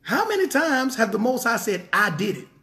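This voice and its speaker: Male preacher, emphatic, repetitive, gravelly, lively pitch. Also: normal speed. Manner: emphatic, repetitive, rhetorical questions. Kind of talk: sermon. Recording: roomy echo.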